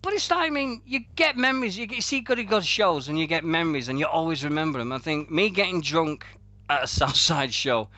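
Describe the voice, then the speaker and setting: On his laid-back wrestling radio show, the Sheffield host rattles off stories briskly, hardly pausing, in a fairly high voice. The casual chat is animated and packed with swearing and laughter.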